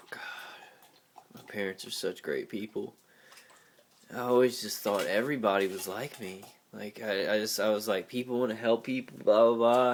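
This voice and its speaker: A man recording a confessional video journal, talking in an emotional, rambling way with lots of filler words. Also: fairly low pitch. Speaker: vlogger.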